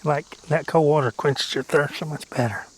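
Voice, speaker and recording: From his boat, a fishing vlogger with a drawl and a somewhat high voice gives casual commentary at normal speed, with fairly even intonation and slight background noise. He's goofy and chatty, rambling playfully, joking, whispering to himself, and making silly sing-song noises.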